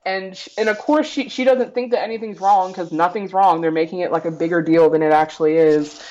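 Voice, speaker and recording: A woman's voice: fairly low pitch, steady tone, fairly quick, a little mellow, dull audio. A woman guest on a podcast, telling a personal story in a blunt, profane way, often laughing and acting out what others said.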